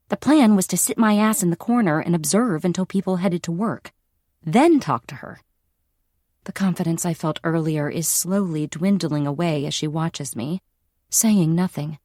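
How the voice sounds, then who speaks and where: A woman's voice: low-pitched, normal speed, a little mellow, no room sound, clean studio sound. A woman narrating a first-person audiobook in a wry, dryly humorous manner.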